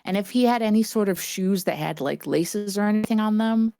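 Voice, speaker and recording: A woman's voice: medium pitch, brisk, warm tone, dry recording. A woman playing in a tabletop game, talking hesitantly with many fillers over an online voice call. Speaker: player. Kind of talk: casual chat in a tabletop game.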